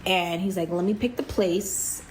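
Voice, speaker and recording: A woman from New York telling a dating story in a chatty, animated way, acting out what each person said. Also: fairly low pitch, a little slow, slight background noise, rough recording. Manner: chatty, animated, acts out quoted dialogue. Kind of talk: casual storytelling.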